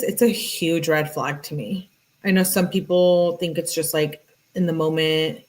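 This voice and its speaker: A woman with a low voice, captured on poor audio, offers casual true crime commentary while reading texts. She's chatty and says "like" constantly, staying earnest and emphatic.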